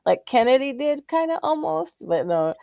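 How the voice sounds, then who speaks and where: A woman's voice: high-pitched, sing-song, moderate pace, creaky, no room sound, muffled recording. A woman in casual podcast chat who laughs easily and chimes in to agree. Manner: giggly, agreeable interjections.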